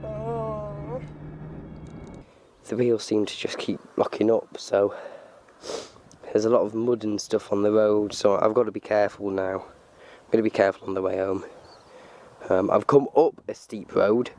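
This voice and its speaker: A man's voice: lowish voice, steady tone, darkish tone. A man vlogging on a walk up a hill, rambling with lots of ums, holding the camera himself. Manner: rambling, halting, many ums. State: out of breath. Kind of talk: casual vlog while driving and walking. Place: outdoors on a wooded hill. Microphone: handheld camera.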